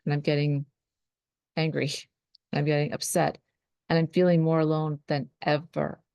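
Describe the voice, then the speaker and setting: A woman's voice: low-pitched, flat delivery, moderate pace, vocal fry, smooth, dry recording, dull audio. A woman, a spiritual life coach, talking earnestly to her viewers about trust and surrender. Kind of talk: motivational talk to camera.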